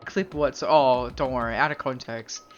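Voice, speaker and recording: A man's voice: medium pitch, steady tone, normal speed, dull audio, soft background music. Rambling, joking streamer guy. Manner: rambling, joking, swears freely, mock-formal bits. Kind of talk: casual live-stream chat.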